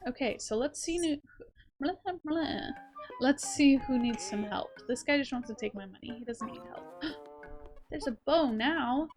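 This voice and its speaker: A let's play host with a fairly high voice gives casual, playful commentary on a video game at a moderate, animated pace. Between quips she reads the on-screen text aloud, and faint game music plays underneath.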